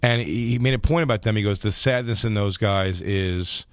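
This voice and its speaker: A male stand-up comedian telling stories in a casual radio interview, talking in rapid bursts and acting out quotes from other people. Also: fairly low pitch, no room sound. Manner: rapid storytelling with lively acted quotes. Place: radio studio.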